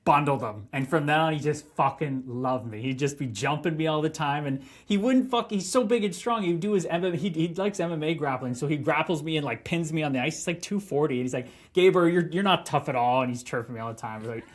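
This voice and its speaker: A man in his thirties, a hockey player telling stories on a podcast, animated, swearing and laughing as he goes. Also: on the high side, quick pace, hardly any pauses. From Canada. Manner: animated, profane, laughing storyteller. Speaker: guest, pro hockey player. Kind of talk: casual podcast storytelling.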